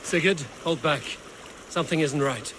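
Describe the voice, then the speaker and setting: An actor playing a watchful, cool-headed Viking raider who speaks tersely and warily, with game music behind. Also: male voice, on the high side, moderate pace, noisy background, lightly acted. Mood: wary. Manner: terse, wary.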